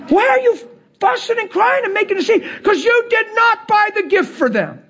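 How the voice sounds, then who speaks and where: A man preaching a sermon to a church crowd. He moves from hushed whispers to excited, nearly shouted lines and acts out people's voices in his stories. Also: moderate pace. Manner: swings between hushed whispers and high excited near-shouting.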